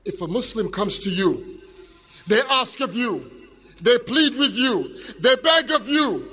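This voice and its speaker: A man giving an impassioned speech at an outdoor street protest, shouting call-and-response questions to a crowd. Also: very high-pitched, lively intonation, takes it slowly, husky. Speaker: speaker at a protest rally.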